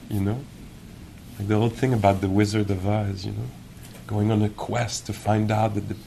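A man giving a meditation teacher's dharma talk in a gentle, reflective, musing way, with many pauses. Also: lowish voice, flat delivery, creaky, slight background noise. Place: retreat hall.

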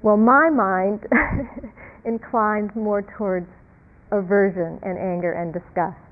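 A woman meditation teacher giving a reflective dharma talk, halting and repeating words, with soft laughs. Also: medium pitch. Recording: tinny phone-like lo-fi sound.

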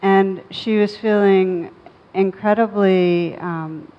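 A woman's voice: medium pitch, steady tone, takes it slowly. Thoughtful woman in a reverberant hall. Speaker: meditation teacher. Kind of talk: reflective conversation. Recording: dull lo-fi sound with long reverb.

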